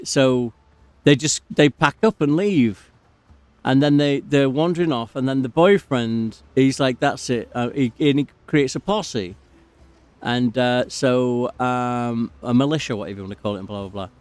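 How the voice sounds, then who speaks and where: Playing a game, a man who hosts a gaming channel offers loose commentary that keeps drifting off topic. His medium-pitched voice is a little slow, darkish, clear and resonant, with no echo in the recording.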